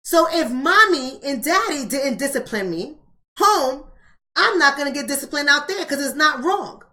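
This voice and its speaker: A woman hosts a live-streamed book club, preaching her points bluntly and hammering them home with repeated rhetorical questions. Her voice sits a little high and carries a bright, forceful edge. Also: expressive, moderate pace.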